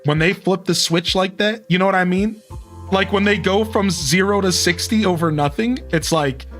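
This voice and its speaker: A man's voice: high voice, moderate pace, fairly bright tone, soft background music. Laid-back male streamer chatting with viewers. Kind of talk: casual live-stream chat.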